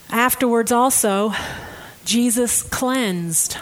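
Woman, preacher, conversational sermon, emotive, hushed to loud swings, fairly high voice. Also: a little slow, a little hiss or hum, poor audio.

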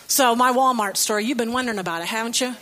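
A woman's voice: a little high, quick pace, pushed and bright. A woman preaching a sermon in a conversational, storytelling way with light humor.

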